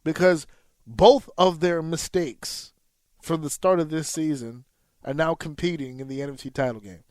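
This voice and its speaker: A man's voice: on the high side, moderate pace, a little mellow, no room sound. A man co-hosting a podcast, telling a casual, profane story and acting out his own reactions. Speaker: podcast co-host. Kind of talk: casual chat.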